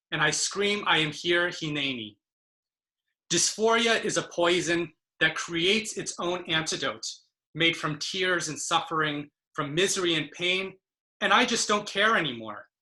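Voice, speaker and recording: A woman's voice: fairly low pitch, pushed and bright. A woman poet on a video call, giving an impassioned, emphatic spoken-word reading of her own poetry. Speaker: poet and presenter.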